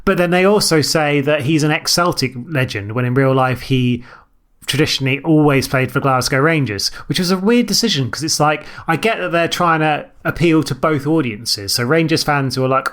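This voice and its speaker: A man co-hosting a film podcast, talking at length in a quick, explaining way. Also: on the high side, fairly bright tone. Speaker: podcast co-host. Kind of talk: casual film chat.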